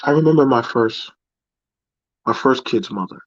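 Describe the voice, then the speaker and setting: A man telling a personal story to his viewers in a reflective, halting way. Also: mid-range voice. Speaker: vlogger. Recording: dry, dull lo-fi recording.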